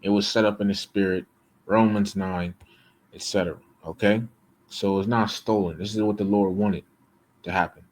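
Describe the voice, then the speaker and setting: Man, husky voice, lowish pitch, casual bible teaching, frequent "okay?". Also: flat delivery, normal speed, a little mellow, rough recording. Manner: casual, repeats "okay?" and "you know".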